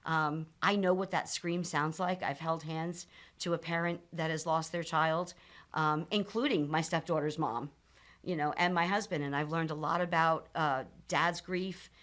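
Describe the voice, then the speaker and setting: A woman in her fifties with a low voice tells a personal story on a podcast. She speaks candidly and earnestly, pausing on ums and restarting her sentences as she goes. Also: fairly even intonation, fairly bright tone. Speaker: podcast guest, nonprofit founder.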